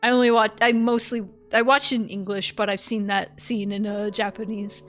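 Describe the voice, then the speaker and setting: A woman livestreaming a game and chatting casually, animated, laughing often and swearing freely. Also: medium pitch, normal speed, soft background music. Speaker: streamer.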